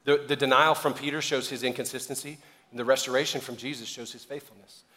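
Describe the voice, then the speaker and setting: Guy preaching a sermon, lively and jokey, gets loud and emphatic, church echo behind him. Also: medium pitch, fast talker. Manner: animated preaching, jokes and acted-out dialogue, builds to loud emphatic climax. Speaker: pastor.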